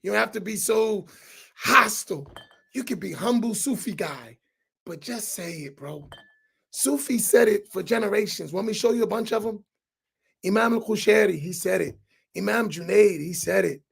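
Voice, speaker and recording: Man preaching loud and pushy, real high gravelly husky voice, keeps repeating himself. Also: normal speed. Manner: loud, challenging, repeats phrases for emphasis. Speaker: imam on a roundtable. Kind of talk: impassioned preaching to an audience.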